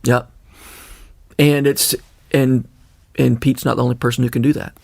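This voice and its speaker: An older man with a Southern accent hosting a podcast, talking in a halting way and repeating words. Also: mid-range voice, flat delivery, creaky, darkish tone, no room sound. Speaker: podcast host. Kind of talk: casual conversation.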